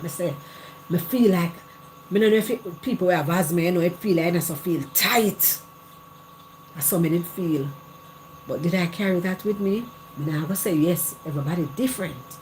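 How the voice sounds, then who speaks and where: A woman's voice: sits low, darkish tone, a little hiss or hum. A middle-aged Jamaican woman hosting a live chat, telling her own story candidly in patois and repeating phrases. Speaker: live stream host.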